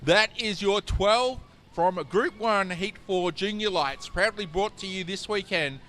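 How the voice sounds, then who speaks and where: High bright race commentator. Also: male voice, measured pace. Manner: emphatic, dramatic play-by-play. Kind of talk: live motorsport commentary. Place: outdoors at a dirt kart track.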